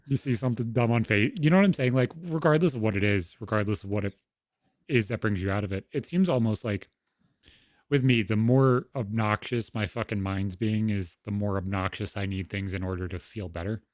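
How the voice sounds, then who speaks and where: A young man co-hosting a casual podcast talks frankly and swears constantly while telling stories from home. His voice is lowish, fairly quick and a little mellow, recorded at studio quality with no echo.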